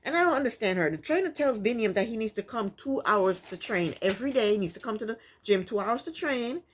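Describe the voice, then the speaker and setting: A woman's voice: a little high, expressive, a little fast, slight background noise. A woman giving a casual, opinionated recap of a reality TV episode, sassy and exasperated. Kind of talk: casual commentary.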